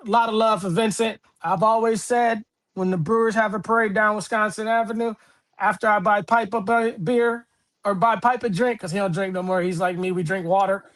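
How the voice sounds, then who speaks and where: A man's voice: high voice, steady tone, a little fast, a bit bright. A man with a Milwaukee accent co-hosting a casual sports show, slangy, jokey and laid-back. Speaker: podcast co-host.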